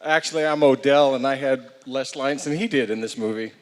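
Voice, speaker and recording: A man's voice: mid-range voice, fairly quick, long reverb tail. Wry, joking man on a panel stage. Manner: wry, self-deprecating jokester. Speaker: actor on a festival panel. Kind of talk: joking panel remarks and story. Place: theater stage.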